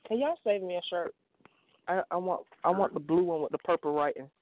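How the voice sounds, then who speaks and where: A woman from North Carolina calling into a morning show, playful with quick comebacks. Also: on the low side, dry recording. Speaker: caller. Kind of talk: casual morning show chat. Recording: tinny phone-like audio.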